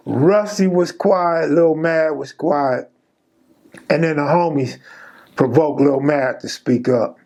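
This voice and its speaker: A man with a somewhat high-pitched voice tells a true story in a casual, unhurried way. His delivery is loose and slangy, full of street talk, like a channel host talking straight to his viewers. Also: darkish tone.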